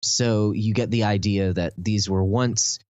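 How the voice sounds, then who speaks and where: A man with a Texan accent and a very low voice talks through a topic in loose, rambling podcast chat, full of fillers. The sound is dry and close, with a slightly dull, muffled tone. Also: steady tone, unhurried, a little mellow, dry recording. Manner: rambling, lots of fillers, enthusiastic explaining. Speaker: podcast host.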